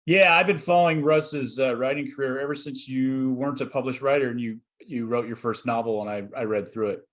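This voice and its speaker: A man's voice: mid-range voice, fairly even intonation, a little fast, fairly bright tone. A middle-aged man co-hosting a podcast, rambling casually with fillers and restarts. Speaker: podcast co-host.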